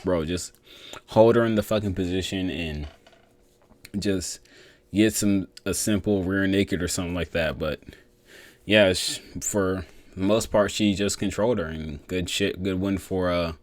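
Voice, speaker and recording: A man's voice: deep voice, normal speed, a little mellow, no echo. A young man giving a casual, rambling solo breakdown of fights, swearing freely and restarting his sentences often. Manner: rambling, profane, many fillers and restarts. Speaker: MMA commentator giving fight reactions.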